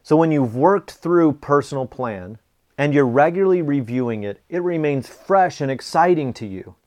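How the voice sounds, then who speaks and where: A man's voice: a little high, lively intonation, moderate pace, a little mellow. A middle-aged man giving a motivational talk, telling personal stories and repeating key phrases earnestly, with the odd chuckle. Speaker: speaker teaching a planning method.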